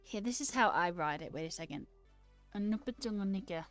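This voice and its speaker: A woman with a mid-range voice chats loosely with her stream viewers, playful and rambling as she replies to their comments. Soft music plays faintly behind her. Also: mid-range voice, expressive, a little fast. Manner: playful, rambling, chatty, answers chat out loud. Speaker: live streamer. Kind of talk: casual live-stream chat with viewers.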